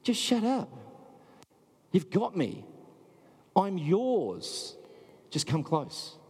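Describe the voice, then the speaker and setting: A man preaching who quotes God in a softer, pleading, raised voice. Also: high-pitched, wildly swooping pitch, extremely slow, slightly rough, in a large hall, pitched above the performer's own voice, full character voice.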